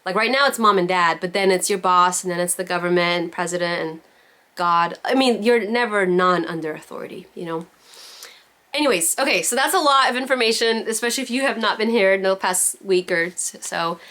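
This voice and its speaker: A woman's voice: medium pitch, fairly quick, bright, forceful tone. A woman teaching a parenting class over a video call, talking in a chatty way full of "like" and "you know". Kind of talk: casual virtual class teaching.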